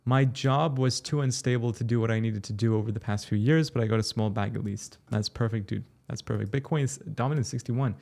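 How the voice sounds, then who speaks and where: Chatty crypto livestream host. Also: male voice, medium pitch, a little fast, vocal fry, few pauses. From Turkey. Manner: relaxed, chatty, explains step by step. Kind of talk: casual livestream, reading and answering chat.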